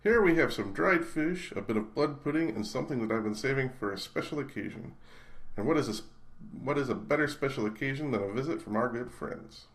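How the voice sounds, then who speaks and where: A man's voice: medium pitch, animated, a little fast, voice pushed up, lightly acted. A man reading aloud and voicing a friendly male barkeep with an Icelandic accent, proudly offering food. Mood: hospitable.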